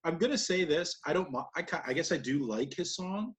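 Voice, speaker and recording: A man's voice: a little high, animated, brisk. A man co-hosting a podcast, recapping wrestling matches in casual, rambling chat and laughing often. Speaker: podcast co-host.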